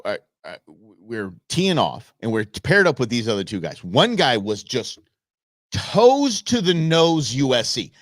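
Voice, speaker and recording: A man's voice: mid-range voice, no echo. Guy hosting a live stream, rambly storyteller, voice bouncing all over, dry close sound. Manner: animated storyteller, frequent restarts and asides to chat. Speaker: live show host.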